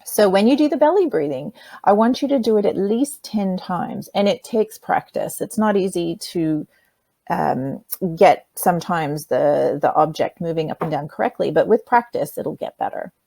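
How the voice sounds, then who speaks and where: A woman's voice: on the low side, animated, normal speed, vocal fry, mellow, no room sound. Patient woman teaching kids to breathe. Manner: patient, plain, speaks directly to children; demonstrates by breathing sounds. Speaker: presenter teaching children. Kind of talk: children's workshop lesson.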